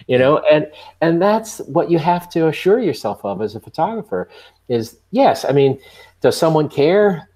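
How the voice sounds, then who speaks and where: A man guest on a photography podcast, telling lively anecdotes, quoting himself and swearing bluntly for effect. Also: fairly high pitch, normal speed. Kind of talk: podcast interview storytelling.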